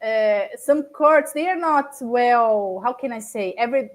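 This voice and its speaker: A Brazilian woman in her forties with a Brazilian Portuguese accent, a native Portuguese speaker giving an interview in English and often pausing to search for words. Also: fairly high pitch. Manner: hesitant, searching for words, with fillers and self-corrections. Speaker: interview guest, former tennis player and broadcaster. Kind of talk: casual interview chat.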